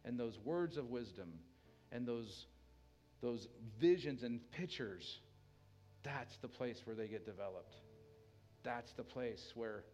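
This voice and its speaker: A pastor preaching a sermon with a dynamic delivery, dropping to a hushed tender voice and rising loud again. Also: male voice, mid-range voice.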